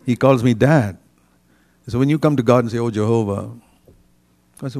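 A man's voice: medium pitch, normal speed, pauses often, darkish tone. An older man preaching a sermon in a conversational way, with bursts of emphasis.

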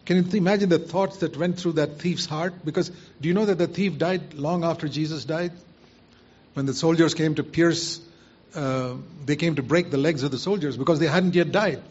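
A man's voice: a little high, normal speed, a little mellow, husky. A man preaching a sermon, earnestly putting rhetorical questions to his listeners. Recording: muffled lo-fi recording.

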